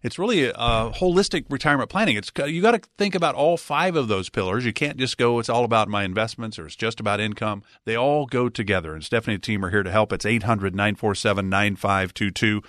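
A man's voice: medium pitch, animated, quick pace, hardly any pauses, fairly bright tone, no room sound. A man hosting a financial radio talk show, chatting conversationally and reading out a phone number. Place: radio studio. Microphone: studio mic.

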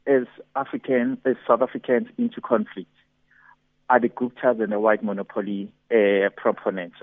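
A man giving political analysis as a guest on a talk show, deliberate and repeating words as he builds up his point. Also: lowish voice, no room sound. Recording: tinny phone line.

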